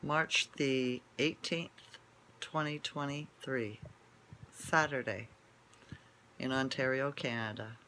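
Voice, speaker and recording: A man's voice: mid-range voice, steady tone, slow, pauses often, pushed and bright, slight background noise. A man talking straight to his viewers in a casual, rambling monologue, digressing and often asking "right?". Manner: digressive, with many restarts and asides. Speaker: vlogger.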